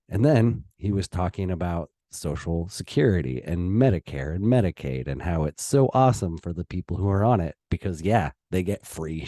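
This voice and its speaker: A man giving a heated solo opinion monologue as a political commentator, pausing and restarting as he gets worked up. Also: low voice, warm tone, no echo, clean studio sound. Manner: impassioned, heated, with pauses and restarts.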